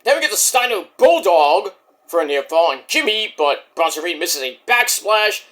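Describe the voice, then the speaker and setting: A man recaps a wrestling show in casual, excitable talk that is full of swearing. His voice sits high and bright. His pitch swings widely as he gets carried away. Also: normal speed. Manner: animated, swearing, acts out voices. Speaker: wrestling reviewer.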